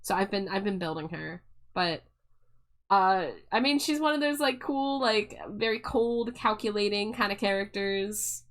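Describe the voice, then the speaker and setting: A young woman on a live stream with an everyday mid-range voice. She talks in a loose, chatty way, giggles a lot and stumbles over her words to restart a phrase. The talk sounds relaxed and unscripted. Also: medium pitch, unhurried. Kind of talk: casual live-stream chat.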